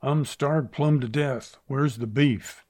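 A man voicing a surly, bearded gunman with a gruff, growling delivery. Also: mid-range voice, takes it slowly, a little mellow, voice pushed up. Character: brutish bearded male gunman, surly bully.

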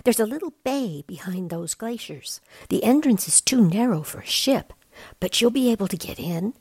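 Brief: brave young bear cub, bright eager lines, husky dry woman's read. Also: mid-range voice, lively intonation, normal speed, no room sound, pitched above the performer's own voice.

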